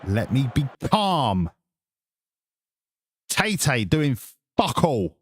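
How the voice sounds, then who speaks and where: A man's voice: mid-range voice, very animated, very slow, breathy edge. A man commentating on his own football game, swearing and ranting in exasperated outbursts. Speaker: gamer playing a football management game. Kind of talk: live gameplay commentary.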